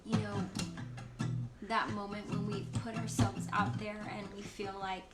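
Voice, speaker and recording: A woman leading worship on a livestream, sharing a personal testimony in a candid, halting way with frequent laughs. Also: mid-range voice, little pitch movement. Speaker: worship leader. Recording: roomy echo with loud guitar. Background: guitar music.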